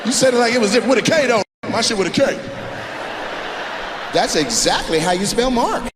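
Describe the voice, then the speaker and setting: A male comedian working the crowd from a club stage, loud, profane and teasing. His voice sits high and leaps around, delivered at an unhurried pace. The live recording is noisy. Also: animated, echoey room, in a large hall. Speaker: stand-up comedian. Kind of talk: stand-up crowd work. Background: audience laughter.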